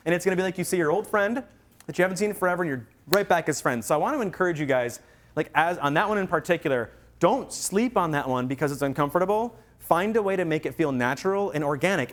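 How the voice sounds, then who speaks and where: A man giving a workshop talk to real estate agents, telling stories and acting out quoted voices with energy. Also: fairly high pitch.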